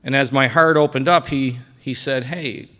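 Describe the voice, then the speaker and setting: A middle-aged man giving a personal faith testimony at a breakfast event, telling his story and dropping quiet for quoted lines. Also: medium pitch, steady tone, moderate pace, clear, resonant tone. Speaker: guest speaker sharing testimony. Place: banquet hall at a breakfast event.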